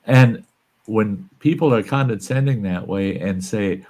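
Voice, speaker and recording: A man's voice: fairly low pitch, a little slow, darkish tone. A man in his sixties hosting a casual live-stream chat, emphatic and rising into exclamations when worked up. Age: 60s. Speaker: host.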